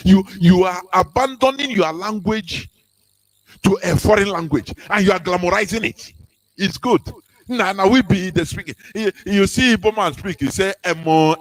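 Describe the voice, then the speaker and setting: A man with a high-sitting voice gives an impassioned preaching talk on the radio, packed with rhetorical questions and sing-song rises. The recording quality is low.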